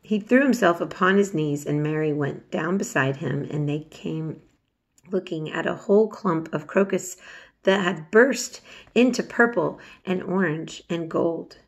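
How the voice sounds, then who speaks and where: A woman reading a children's novel aloud, unhurried and steady, with small slips. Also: fairly low pitch, gravelly. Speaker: storybook reader.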